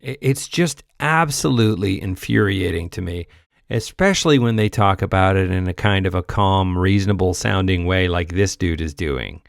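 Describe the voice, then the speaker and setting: Exasperated, sarcastic male commentator, gravelly. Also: low-pitched, moderate pace, no room sound, clean studio sound. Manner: sarcastic, exasperated, mocking impressions. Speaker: reaction commentator. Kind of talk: political reaction commentary.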